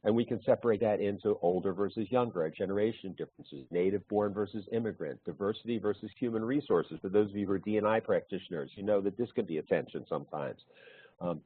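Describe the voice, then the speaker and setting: A man with a deep, slightly husky voice speaks in an easygoing, anecdotal way as a webinar presenter. The sound is dry and squeezed into a narrow, phone-like band, as on a video call. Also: dry recording. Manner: anecdotal, storytelling. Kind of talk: conversational webinar talk.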